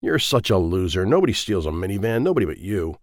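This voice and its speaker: A gruff, snappish car thief barks orders in a lowish voice, as a man voices him in a storybook. The sound is dry and close to the mic. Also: very animated, fast, no echo. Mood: scornful. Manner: snappish, bossy. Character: gruff impatient young male car thief.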